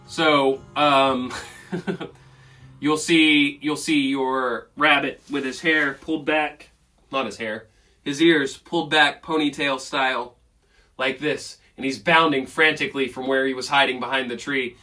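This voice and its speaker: A man's voice: medium pitch, fairly even intonation, measured pace, bright, forceful tone. A man narrating as game master in a casual, loose way with fillers. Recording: distant mic with faint music.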